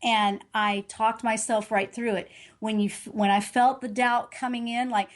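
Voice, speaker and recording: Middle-aged woman guest telling her story, earnest and animated, voice sits a bit high, keeps restarting herself. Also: normal speed. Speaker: guest, intuitive reader. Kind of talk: conversational interview storytelling.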